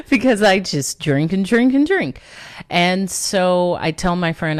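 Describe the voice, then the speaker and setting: A woman's voice: lowish voice, big pitch swings, slow, no room sound. A woman hosting a casual personal storytelling talk, conversational and self-mocking, often laughing at herself. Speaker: storyteller host.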